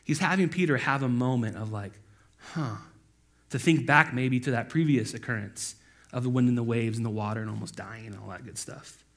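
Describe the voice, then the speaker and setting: A man preaching a casual sermon in a conversational way, full of asides, who acts out quoted voices with sudden loud outbursts. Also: medium pitch, fairly quick, gravelly. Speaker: pastor.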